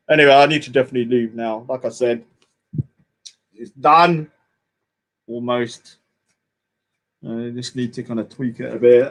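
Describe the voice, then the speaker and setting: A man who hosts a live stream, ranting in a scornful tone and tagging many lines with "yeah?". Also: mid-range voice. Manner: scornful, repeats "yeah?" often. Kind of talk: heated live-stream rant.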